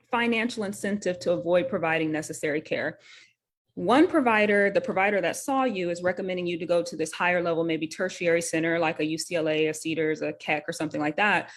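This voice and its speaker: Talking fast in a lowish voice, a woman who is both a nurse and host of a live talk show explains a bill. She's earnest and conversational, with many fillers and self-corrections.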